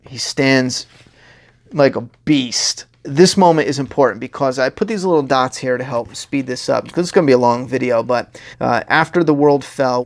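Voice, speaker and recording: A man's voice: mid-range voice, moderate pace. A man talking casually as a comic writer, walking through his pages in a rambling way, often laughing and acting out characters' lines. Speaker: comic writer giving commentary.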